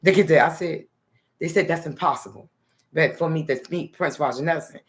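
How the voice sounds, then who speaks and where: A woman's voice: sits low, fairly quick. A woman from New Jersey talking in a loose, rambling personal monologue to the camera, dotting her talk with "okay" and "nice". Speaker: vlogger.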